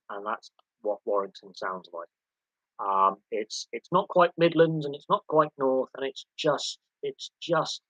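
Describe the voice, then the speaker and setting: A man hosting a relaxed live sports Q&A, talking off the cuff. He rambles, stumbles over repeated words and slips in dark jokes. His voice is bright and a little husky, heard dry and close. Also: mid-range voice, no echo, poor audio. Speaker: host of a live sports Q&A stream. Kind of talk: casual live-stream chat answering viewer questions.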